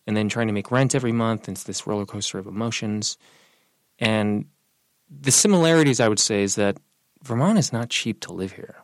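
A young man in an interview, talking casually and telling personal stories, relaxed and lively when quoting other people. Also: lowish voice, brisk, no echo. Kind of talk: casual conversational storytelling.

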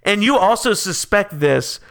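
A young man running a tabletop game as game master, chatty with quick asides and laughs. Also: sits high, lively intonation, creaky, fairly bright tone.

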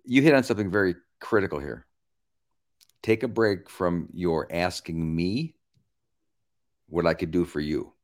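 A middle-aged man, a comedian, chatting on a podcast in an animated, emphatic and profane way. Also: sits low, measured pace, pauses often. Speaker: comedian guest. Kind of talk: casual podcast chat.

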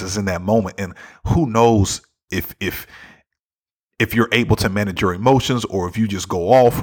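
This leadership speaker has a fairly low, somewhat rough voice. His motivational talk feels sincere and chatty, and he keeps tossing in "right?" to make sure the audience is following.

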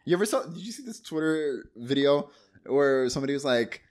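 A man's voice: medium pitch, very animated, a little fast. A man co-hosting a casual movie recap, talking animatedly, laughing often and acting out quotes. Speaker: podcast co-host.

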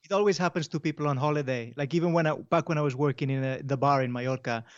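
Guy comedian chatting on a podcast, slightly high voice, muffled dry lo-fi audio. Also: fast, dry recording. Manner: chatty, jokey storyteller. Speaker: comedian guest. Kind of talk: casual podcast chat.

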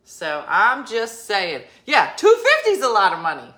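A woman chatting casually with viewers on a livestream, blunt and animated as she tells stories from her car. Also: fairly high pitch, moderate pace, hardly any pauses. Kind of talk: casual chat. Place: parked car in a parking lot.

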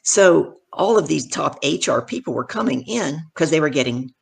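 A middle-aged woman, a professional speaker and guest, telling stories from her career in animated conversation and acting out the people in them. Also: low-pitched, moderate pace, vocal fry, slightly rough. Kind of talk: conversational storytelling.

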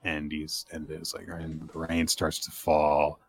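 A man's voice: rumbling low, measured pace, vocal fry. A man co-hosting a podcast, casually recapping manga chapters and acting out characters' lines as he goes. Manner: animated retelling, voices characters' lines. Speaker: podcast co-host.

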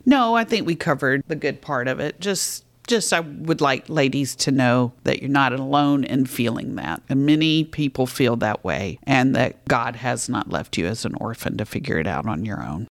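A woman author who is a guest on a faith podcast, telling her own story in a candid, calm way. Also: very deep voice, moderate pace, hardly any pauses.

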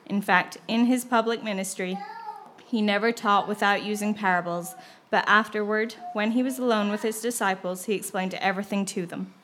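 Female reader, scripture passage, steady and measured delivery. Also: medium pitch, slight background noise. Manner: steady, measured reading aloud. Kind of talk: scripture reading.

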